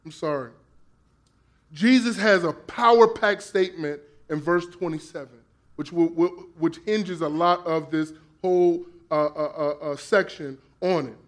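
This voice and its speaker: A man's voice: a little high, measured pace. A man preaching a sermon in a conversational, playful way, using slang and acting out quoted voices. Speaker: pastor.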